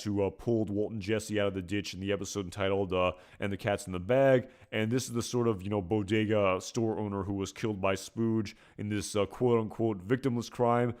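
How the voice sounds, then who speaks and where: Rambling, hesitant low-voiced man. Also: a little mellow, smooth. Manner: rambling, hesitant, full of fillers. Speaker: video commentator. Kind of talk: casual episode commentary.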